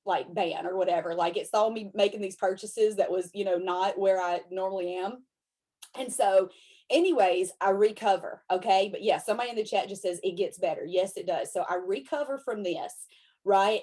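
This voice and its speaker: A young adult woman, telling a story in a chatty, animated way, full of "like" and "y'all". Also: mid-range voice. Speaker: independent consultant and motivational speaker. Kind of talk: casual live-stream storytelling.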